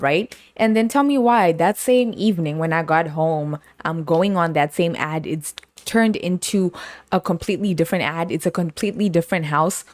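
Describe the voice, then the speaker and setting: A young woman from Canada hosting a podcast, telling her week's story in a casual, animated way and acting out the people in it. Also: on the low side, dry recording. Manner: animated storytelling with laughs and acted-out quotes. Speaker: podcast host. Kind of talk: casual chat.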